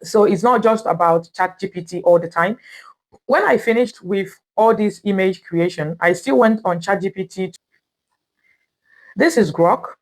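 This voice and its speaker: A woman's voice: mid-range voice, unhurried. Nigerian woman talking through a tutorial. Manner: repetitive, patient step-by-step explaining. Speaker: tutorial host. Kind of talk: screen-recorded how-to tutorial.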